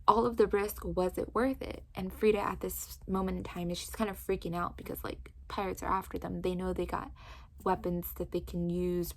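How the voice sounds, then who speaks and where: Woman, casual book recap, animated retelling, lots of "like", slightly low voice. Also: a little hiss or hum. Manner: animated storytelling with frequent "like". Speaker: book reviewer.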